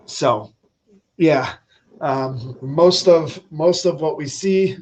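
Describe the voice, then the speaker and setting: Guy doing a live stream, blunt and opinionated, talks slow and rambly. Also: on the high side. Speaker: livestream host. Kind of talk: casual political livestream talk.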